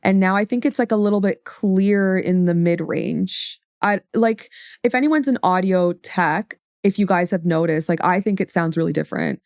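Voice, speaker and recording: A woman's voice: medium pitch, normal speed, darkish tone, no room sound. A young woman hosting a casual livestream, rambling and chatty with a mid-range voice and casual swearing, close on a studio microphone. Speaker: livestream host. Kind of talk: casual stream chat. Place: home streaming setup. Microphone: studio XLR microphone.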